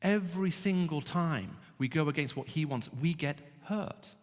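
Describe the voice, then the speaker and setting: A man giving an expressive talk to students, his voice rising sharply when pleading. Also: fairly high pitch, moderate pace. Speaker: Christian speaker. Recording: reverberant hall.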